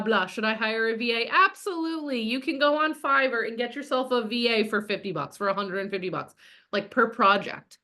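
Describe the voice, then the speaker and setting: A woman's voice: a little high, pushed and bright. A woman business coach teaching a live online masterclass, talking candidly and casually, swearing freely and reading out viewers' comments as she goes. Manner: casual, chatty, heavy with fillers like "like".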